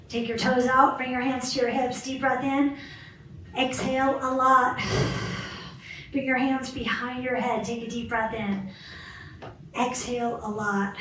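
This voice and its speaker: A woman's voice: on the high side, fairly bright tone. A woman fitness instructor leading a guided balance and stretching class, cueing moves and counting reps in an encouraging way. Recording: roomy, far from the mic, faint background hiss.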